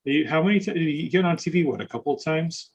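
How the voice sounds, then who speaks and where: A man's voice: fairly high pitch, fast talker, a crowd in the background, rough recording. A man co-hosting a podcast, chatting casually and agreeably, often chiming in with short replies. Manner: relaxed, agreeable, lots of backchannel. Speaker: podcast co-host. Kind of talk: casual chat.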